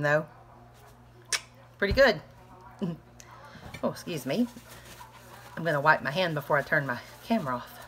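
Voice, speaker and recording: A woman's voice: sits low, sing-song, a little slow, long pauses, sharp tone, slightly rough. A young woman chatting casually while cooking in her home kitchen, rambling and laughing as she goes.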